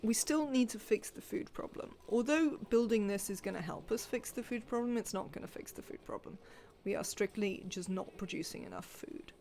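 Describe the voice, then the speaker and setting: A woman's voice: medium pitch, normal speed, creaky, hardly any pauses, a little mellow, a little hiss or hum. A woman, chatting and rambling to herself as she plays a game on a live stream. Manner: chatty, rambling self-talk while playing.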